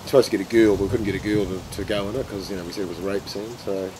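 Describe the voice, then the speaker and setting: A man's voice: lowish voice, racing. A middle-aged man with a New Zealand accent, telling rambling, self-mocking stories about his past. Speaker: storyteller of his own acting past. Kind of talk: casual anecdotal storytelling. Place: outdoors in the rain. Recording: steady rain noise behind.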